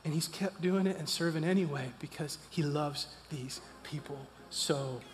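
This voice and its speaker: A man in his thirties preaching in a church, telling a personal story, animated and swinging from loud to hushed. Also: fairly high pitch, normal speed, slight background noise. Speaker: pastor. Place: church sanctuary. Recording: long reverb of a church hall.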